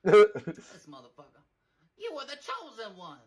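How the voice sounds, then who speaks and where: A man's voice: high-pitched, huge pitch swings, unhurried, pitched above the performer's own voice, heavily acted. A man doing a brash, cursing comedian impression. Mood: scolding. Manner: cursing, boastful, drawling. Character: brash swaggering male comedian as a space mentor.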